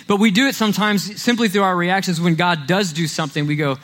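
A man preaches a sermon in a high voice. His tone is conversational and animated. He walks about while he speaks. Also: quick pace, few pauses.

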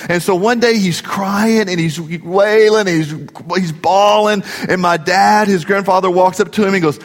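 High-voiced joking preacher in a hall. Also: male voice, moderate pace, few pauses. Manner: jokey, storytelling preacher. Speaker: pastor. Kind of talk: sermon. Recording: long reverb of a large hall.

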